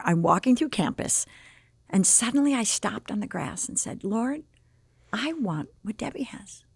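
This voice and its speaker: Lively, expressive woman in her sixties. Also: mid-range voice, vocal fry, no echo. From Chicago area, USA. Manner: animated, acts out quoted dialogue. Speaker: podcast guest. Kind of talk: personal storytelling.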